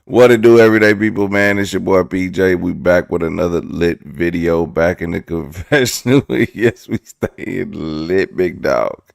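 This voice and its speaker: A deep, gravelly-voiced young man tells a rambling story straight into a close mic in a dry room. He jokes loosely and slips into little impressions as he goes. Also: normal speed, hardly any pauses, no echo. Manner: loose and joking, breaks into laughs, mimics voices. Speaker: vlog host. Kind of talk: casual storytime commentary.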